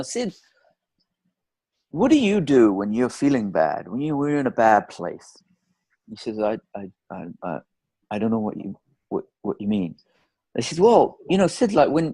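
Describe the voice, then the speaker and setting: A man coaching in a relaxed teaching talk, acting out quoted conversations as he tells stories, with frequent restarts and repeated words. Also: on the high side, slightly rough, rough recording. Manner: animated storytelling, acts out quoted dialogue.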